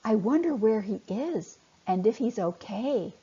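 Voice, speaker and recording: A woman's voice: on the high side, animated, measured pace, husky, heavily acted. A woman voicing a young male fish who urges his friends on, in a children's storybook reading. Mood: anxious. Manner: urgent, shouting warnings. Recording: dull lo-fi recording.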